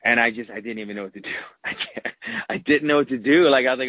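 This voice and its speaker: A man's voice: medium pitch, fast talker, no room sound. A retired fighter telling an emotional story in a casual interview, rambling and repeating words as he goes. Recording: muffled lo-fi audio.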